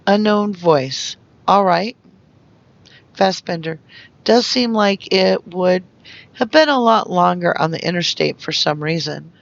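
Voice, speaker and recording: A gravelly, creaky voice reads police transcripts aloud, calling out speaker names and pauses in an even, flat way. The recording is dry and a little dull, like a lo-fi home mic. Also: mid-range voice, no room sound. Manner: reads out speaker labels and stage notes flatly. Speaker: reader of investigation reports.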